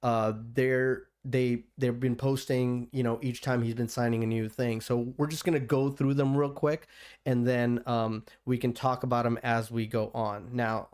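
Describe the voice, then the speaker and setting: Man, livestream host, smooth clear voice, mid pitch, casual rambling chat, computer stream mic. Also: a little mellow. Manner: loose and rambling, lots of restarts and fillers. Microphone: computer streaming setup.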